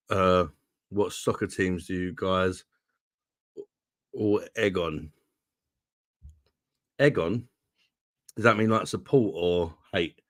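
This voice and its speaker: Deep-voiced London man, laid-back banter. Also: fairly bright tone, no room sound, studio quality. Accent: London English. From London, England. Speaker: host of a beer review livestream. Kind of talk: casual livestream chat reading viewer comments.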